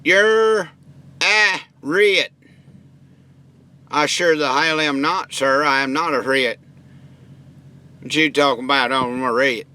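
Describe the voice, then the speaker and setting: A man voicing a folksy, gruff and prudish redneck truck-shop owner, who gives blunt deadpan answers with lots of country slang in a lowered, drawling voice. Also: slow pace, long pauses. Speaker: online video creator answering viewer questions. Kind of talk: comedy character bit.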